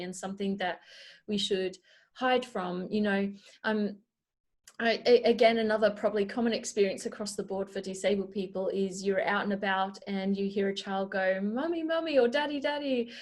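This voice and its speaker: An Australian woman in her thirties, a guest speaking earnestly and reflectively in a casual interview, with lots of "you know" fillers. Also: medium pitch. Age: 30s. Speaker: guest, Paralympic swimmer and advocate.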